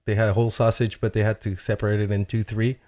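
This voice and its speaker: A man telling a story in a casual chat, animated and swearing freely, with lots of "like". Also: fairly low pitch, fast talker. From Chile. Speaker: guest telling a travel story.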